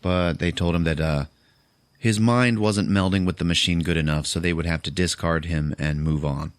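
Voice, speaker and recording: A man's voice: low voice, steady tone, moderate pace, clear, resonant tone, dry recording. A man hosting a podcast, casually recapping a movie in a loose, profane way. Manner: loose, profane, retelling with quoted voices. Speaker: podcast host.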